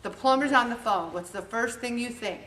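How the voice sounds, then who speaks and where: A woman leading a group meeting, telling stories in a chatty, animated way. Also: on the high side, normal speed, a little hiss or hum. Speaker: group leader giving a talk. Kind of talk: motivational talk to a group. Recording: echoey room, voice from a distance.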